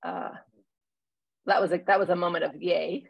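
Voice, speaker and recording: A woman in casual conversation as a church minister, talking reflectively with many pauses and fillers. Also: fairly low pitch, muffled recording. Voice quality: husky, gravelly.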